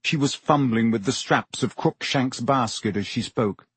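A man narrating a novel as an audiobook in a steady, measured way. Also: medium pitch, breathy edge, dry recording. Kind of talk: scripted narration.

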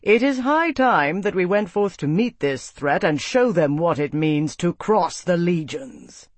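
A man's voice: sits high, lively intonation, a little slow, no echo. A man reading an audiobook, voicing a stern, hawkish male senator who barks orders. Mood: commanding. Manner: forceful, barking orders. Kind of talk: audiobook character voice.

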